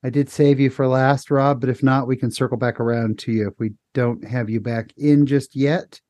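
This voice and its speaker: A man's voice: medium pitch, steady tone, normal speed, darkish tone, no room sound, studio quality. A man hosting a podcast discussion, upbeat, calling on each panelist in turn. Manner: upbeat, steers the discussion, calls on guests. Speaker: podcast host. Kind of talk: casual chat.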